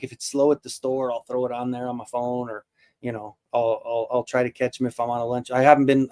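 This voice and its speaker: A man's voice: mid-range voice, a little mellow. A man in his forties hosting a live toy stream, chatting in a loose, rambling and jokey way, often restarting his sentences. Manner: laid-back and jokey. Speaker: toy show host. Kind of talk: casual live-stream chat.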